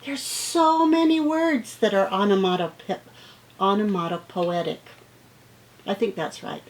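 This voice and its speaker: A woman's voice: mid-range voice, poor audio. A woman teaching young children, reading aloud and acting out sound words playfully. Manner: slow, warm-up teacher talk with playful sound effects. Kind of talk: read-aloud lesson for children.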